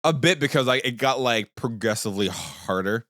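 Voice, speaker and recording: A man's voice: medium pitch, normal speed, no room sound, clean studio sound. A man in his thirties co-hosting a casual podcast, telling family stories with laughter and acted-out quotes. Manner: animated storyteller, acts out quotes with laughter. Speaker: podcast co-host. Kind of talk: casual chat.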